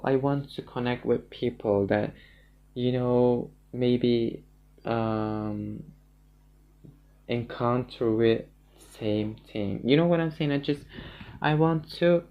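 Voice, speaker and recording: Slow halting man with gravelly creak. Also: medium pitch. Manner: halting, rambling, swears often. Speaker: livestreamer. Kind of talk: casual livestream monologue. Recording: dull lo-fi stream audio.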